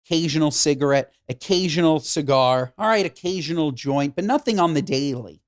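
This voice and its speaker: A man co-hosting a podcast in casual chat, talking with animated enthusiasm. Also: a little high, brisk, no echo, studio quality. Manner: animated, enthusiastic about food. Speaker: podcast co-host.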